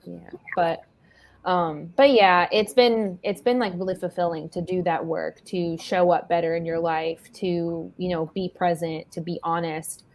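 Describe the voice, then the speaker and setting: A woman podcast host responding thoughtfully and supportively, with measured pauses and frequent "um". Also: fairly low pitch, fairly even intonation. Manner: reflective, measured, filler "um". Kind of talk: supportive interview chat.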